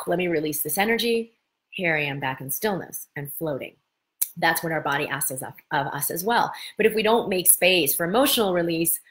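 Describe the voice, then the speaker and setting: A middle-aged woman hosting a casual live-stream talk, telling stories with lively gestures of voice and bursts of laughter. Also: on the low side. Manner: animated storytelling, breaks into laughter. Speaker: host.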